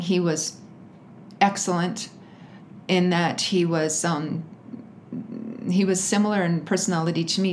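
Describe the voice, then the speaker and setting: A woman guest in an interview, recounting her own story in a lowish voice with a faint hum of room ambience behind her. She talks emphatically and with animation, laughing often between lines. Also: creaky. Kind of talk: personal story told in conversation.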